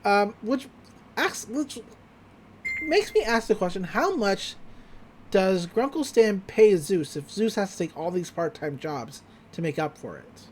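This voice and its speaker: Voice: mid-range voice, sing-song, unhurried, darkish tone, slight background noise. A podcast host recapping a cartoon episode in casual chat, laughing often and slipping into character voices.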